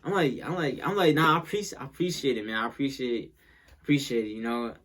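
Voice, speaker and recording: Husky young man telling a rambling story. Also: mid-range voice, quick pace, a bit bright. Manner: rambling, repeats himself, acts out quoted lines. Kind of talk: casual storytime.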